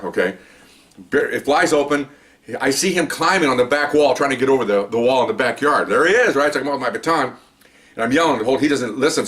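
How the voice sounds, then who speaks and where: Ex-cop guy rattling off a war story, quick and rambling, keeps saying okay?. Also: mid-range voice. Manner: rambling, animated, often checks in with "okay?". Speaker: retired police officer telling stories. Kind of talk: casual spoken storytelling.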